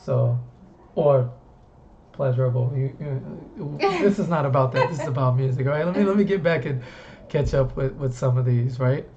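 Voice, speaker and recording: This southern US host sounds expressive and a little mellow, speaking at normal speed in a mid-range voice. He rambles casually through his talk stream, repeating words as he goes, and the audio is muffled with faint hiss.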